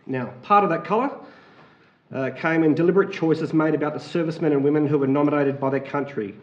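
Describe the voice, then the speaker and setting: An Australian man chairing a council meeting, speaking formally but haltingly with many fillers. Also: on the high side. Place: council chamber. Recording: roomy, dull council chamber audio.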